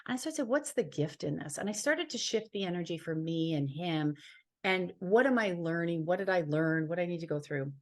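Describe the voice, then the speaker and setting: A woman's voice: on the low side, expressive, a little fast, a little mellow. A woman from Ontario, Canada, a healer and psychic, telling a personal story as an interview guest in an earnest, heartfelt way, repeating phrases for emphasis.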